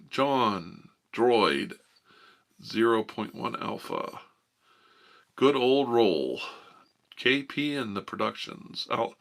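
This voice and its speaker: A man hosting a live ASMR stream, chatting softly and playfully with viewers and rambling. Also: mid-range voice, vocal fry.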